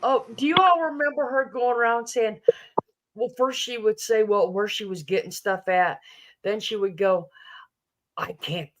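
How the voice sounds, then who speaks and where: A woman's voice: mid-range voice, normal speed. A woman chatting as a guest on a livestream, opening her points with "well". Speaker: stream guest. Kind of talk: casual chat.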